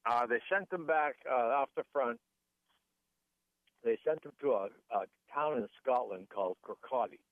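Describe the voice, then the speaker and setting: A man's voice: medium pitch, moderate pace, no echo. Male guest author on a phone line, rambling anecdotal storyteller, very dry sound. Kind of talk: storytelling interview.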